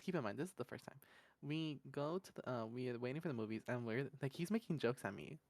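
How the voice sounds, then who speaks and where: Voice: medium pitch, animated, fast talker, darkish tone, dry recording. Rambling, laughing podcast storyteller. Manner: rambling, laughs often, fills gaps with "da, da, da"; slangy and blunt. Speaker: podcast host. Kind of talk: casual storytelling chat.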